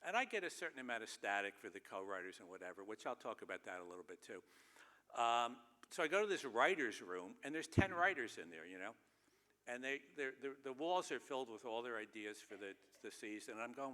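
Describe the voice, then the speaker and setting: Bright-voiced man telling wry stories in a theater. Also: mid-range voice, very animated, brisk. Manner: wry, self-deprecating storytelling with chuckles. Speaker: keynote speaker. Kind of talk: humorous anecdotal speech. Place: large theater stage. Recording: long reverb of a large theater.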